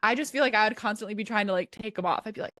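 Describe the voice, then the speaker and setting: A woman's voice: mid-range voice, very fast, pushed and bright, dry recording, studio quality. A woman hosting a podcast in casual chat, rambling and giggling, with many restarts. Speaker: podcast host.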